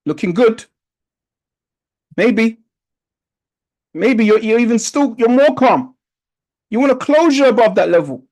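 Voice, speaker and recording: A man's voice: very high-pitched, lively intonation, a little slow, pauses often, a little mellow, rough recording. A man teaching an online trading lesson over a video call, coaching in a repetitive, coaxing way with rhetorical questions. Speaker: trading instructor.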